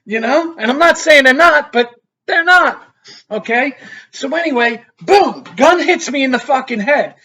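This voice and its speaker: With an extremely high-pitched voice and a slightly slow delivery, a middle-aged vlogger spins a rambling, casual story. He's animated and swears without restraint.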